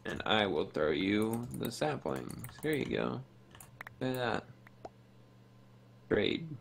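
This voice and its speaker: Gravelly man chatting while gaming. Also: lowish voice, big pitch swings, takes it slowly. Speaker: teammate in a multiplayer game. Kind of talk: casual gaming chat.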